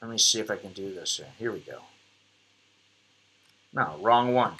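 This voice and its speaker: A man's voice: fairly low pitch, animated, normal speed, pushed and bright. A middle-aged American man hosting a casual live stream from his computer, rambling and joking at himself. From United States. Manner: rambling, self-deprecating, joking. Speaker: host.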